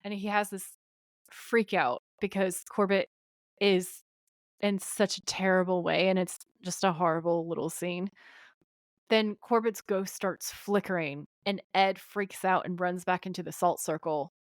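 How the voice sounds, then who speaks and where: In a clean, echo-free studio recording, this podcast co-host speaks a little slowly in a fairly low voice. She recaps an episode in a relaxed way, bringing it to life by performing the characters' lines.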